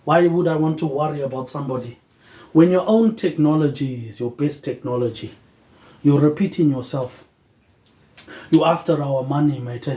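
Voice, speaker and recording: A man's voice: fairly high pitch, normal speed. Rambling New man in an echoey room. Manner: ends nearly every phrase with a quiet tag word; loose, drifting train of thought. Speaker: host. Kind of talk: rambling philosophical monologue.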